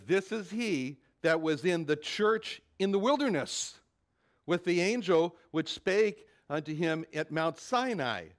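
A man preaching a Bible sermon to his congregation, animated and dramatic when he quotes scripture, often repeating words as he thinks. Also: a little high. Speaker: pastor.

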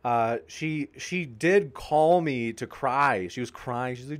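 A man's voice: medium pitch, unhurried, hardly any pauses. A man hosting a live debate stream, reading viewer comments aloud and answering them with upbeat, jokey banter. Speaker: debate channel host.

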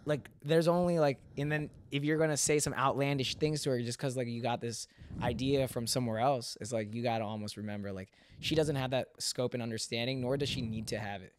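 A man's voice: mid-range voice, steady tone, fairly quick, a little hiss or hum. A young man hosting a casual podcast chat, loose and laughing, swearing freely. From United States. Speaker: podcast host.

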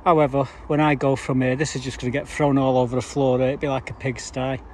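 This allotment vlogger speaks fast in a mid-range voice with a level tone, rambling to camera as he tends his plot. His asides are dry and grumbling, and there's faint background ambience outdoors.

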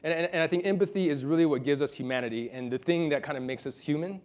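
A man gives a relaxed acceptance speech at an awards event. His voice sits a little high, and he tells a story while stumbling over repeated words and fillers. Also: fast talker. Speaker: award honoree giving a speech. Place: event hall.

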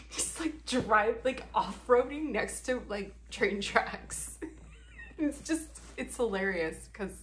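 A woman's voice: on the high side, huge pitch swings, slow, a bit bright. A woman vlogger giving casual reaction commentary, sarcastic and profane, laughing often.

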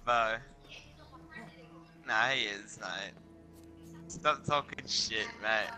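A man's voice: on the low side, drawn-out words, pushed and bright, soft background music. Crude laid-back young man. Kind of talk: casual banter while gaming.

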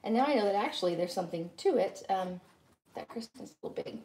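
A woman's voice: mid-range voice, expressive, fast talker, a little mellow. A middle-aged woman, chatting casually and rambling to live-stream viewers while teaching painting.

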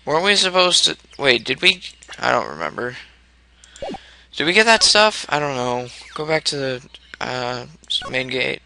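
A man's voice: mid-range voice, big pitch swings, moderate pace, creaky, pushed and bright. Mumbling man commenting on gameplay. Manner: mumbling, half-remembering, self-deprecating. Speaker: let's play commentator.

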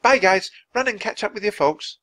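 A man's voice: high-pitched, expressive, normal speed, fairly bright tone, voice pushed up. A man doing a concerned, kindly woman. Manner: earnest, concerned. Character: worried kind adult woman.

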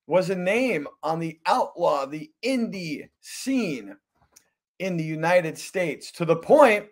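A man hosting a wrestling podcast, talking in a theatrical, hyped-up way and chatting with his producer. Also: high voice. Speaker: podcast host. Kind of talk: energetic show hosting.

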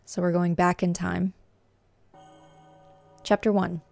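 A woman's voice: on the low side, little pitch movement, slow pace, gravelly, darkish tone, no echo, soft background music. A woman hosting a gaming video, chatting casually to viewers about her choices as she plays. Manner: chatty, addresses viewers as y'all. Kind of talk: casual gameplay commentary.

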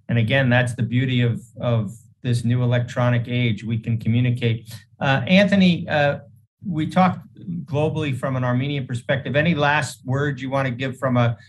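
A man's voice: medium pitch, low-quality recording. A man hosting a meeting and giving earnest public remarks, often restarting his words. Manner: earnest, halting with repeated restarts. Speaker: state senator hosting a meeting.

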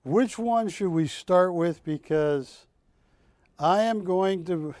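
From a studio, a man hosts a live shopping channel show, selling art with joking, drawn-out salesman patter. His tone is darkish, and there's no room sound.

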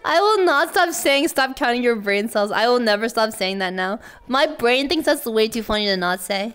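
A woman streamer with a high, squeaky voice, chatting casually and excitably with her chat, often shrieking and laughing. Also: normal speed, few pauses, soft background music.

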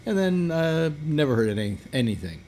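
A man hosting a casual radio call-in show, rambling and halting with many restarts, and playfully teasing his callers. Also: on the high side, very animated, darkish tone, a little hiss or hum. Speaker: radio talk show host.

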